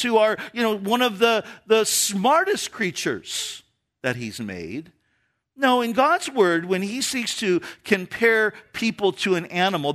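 A middle-aged man preaching a sermon as a pastor, animated, dropping his voice low for emphasis.

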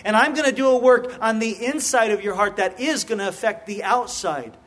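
A middle-aged man preaching a sermon as a pastor, earnest and often restarting his words in quick repetitions. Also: sits high, fairly bright tone.

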